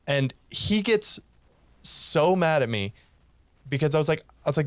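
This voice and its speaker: A man's voice: on the high side, unhurried, pauses often, dry recording. Man telling a story, dry close sound. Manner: rambling, animated retelling with laughs. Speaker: podcast co-host. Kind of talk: casual storytelling chat.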